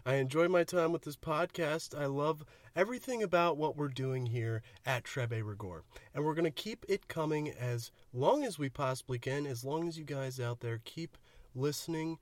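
A man's voice: on the high side, normal speed, no echo. A man co-hosting a podcast, chatting casually and cracking jokes about a movie. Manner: animated, jokey. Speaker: podcast co-host. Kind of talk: casual movie review chat.

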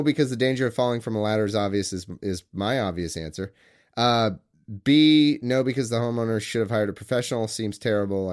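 A man from California co-hosting a podcast, working through a quiz question in rambling, joking casual chat that keeps cutting itself off. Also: lowish voice. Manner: rambling, self-interrupting, joking. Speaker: podcast co-host answering a quiz.

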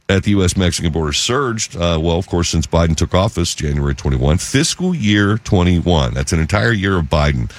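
A man hosting a talk radio show, delivering an emphatic news monologue and slowing down to stress figures. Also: fairly low pitch, animated.

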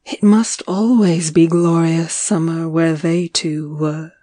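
Female audiobook narrator, unhurried and lyrical, mellow tone, dry studio sound. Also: deep voice, steady tone, no room sound. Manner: slow, measured, lyrical.

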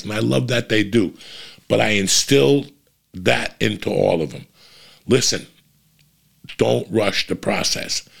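Gravelly, fired-up middle-aged man ranting. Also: lowish voice, fairly bright tone. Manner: blunt, profane, fired-up ranting. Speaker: comedian and podcast host. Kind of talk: profane motivational monologue.

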